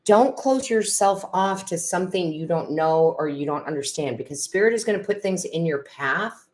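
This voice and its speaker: A woman's voice: lowish voice, expressive, normal speed, a little mellow. A middle-aged woman, chatting casually on a live stream as a tarot reader and medium, reading viewers' comments aloud, laughing and getting emotional.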